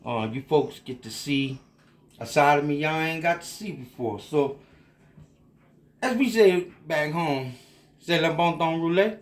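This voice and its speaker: A man's voice: fairly high pitch, lively intonation, unhurried, long pauses, reverberant. A tipsy man with a Louisiana Cajun accent, cooking and rambling in a folksy, drawling way for a casual cooking vlog. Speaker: home cook.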